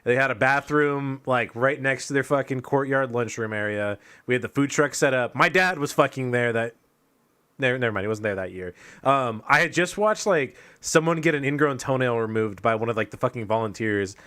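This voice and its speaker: A man's voice: mid-range voice, fairly quick, sharp tone, clear, resonant tone. A man co-hosting a podcast, telling a long, profane, self-mocking story in casual chat.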